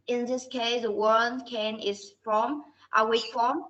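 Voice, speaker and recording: A woman student reading a class presentation on pronunciation, slowly and carefully going through word lists. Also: a little high, flat delivery, a bit bright. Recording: dull lo-fi recording.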